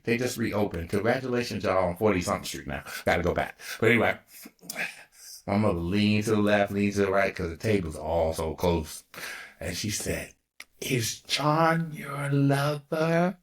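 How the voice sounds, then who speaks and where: A man in his fifties hosting his own podcast, telling a personal story with animated energy, laughing often and restarting sentences. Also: lowish voice. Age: 50s. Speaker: podcast host.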